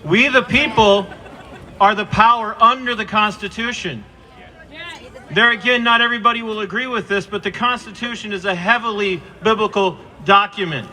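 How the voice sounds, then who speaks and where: A man giving an impassioned protest speech outdoors into a handheld microphone, fervent and at times shouting. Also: sits high, normal speed. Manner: fervent, addresses the governor directly, rises to shouts. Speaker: protest speaker.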